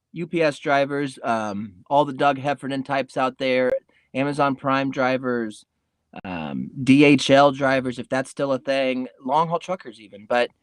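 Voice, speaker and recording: A man's voice: mid-range voice, no echo. A man rambles through a comedy podcast monologue in a laid-back way and drops casual swears. His voice sits in a middle range, and the recording is dry, with no room sound. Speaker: podcast host.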